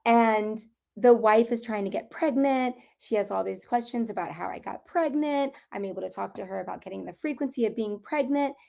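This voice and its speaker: A middle-aged woman with a slightly hoarse voice, telling a story in a casual group conversation and acting out what people said. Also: medium pitch, normal speed. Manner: animated storyteller, acts out quotes, laughs while telling. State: slightly hoarse, clearing throat. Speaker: property clearing practitioner.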